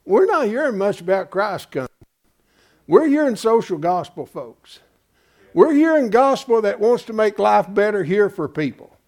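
A man's voice: high voice, big pitch swings, moderate pace, darkish tone. A pastor preaching in an emphatic, folksy way, asking his congregation rhetorical questions. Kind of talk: sermon.

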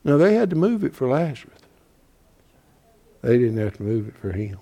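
A male preacher delivering a folksy, dramatic sermon, swinging between hushed whispers and shouts. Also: medium pitch, sing-song, normal speed, muffled recording.

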